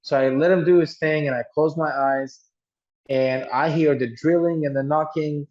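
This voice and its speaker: A man's voice: on the high side, steady tone, moderate pace, a little mellow, muffled recording. A man telling a personal story earnestly, often restarting and repeating words. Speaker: guest telling his story.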